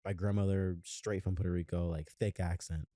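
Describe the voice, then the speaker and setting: In a low-pitched, mellow voice with a flat delivery, a young man co-hosts a podcast at a slightly fast pace. He chats casually, rambling with plenty of fillers and restarts. The audio is studio quality with no echo.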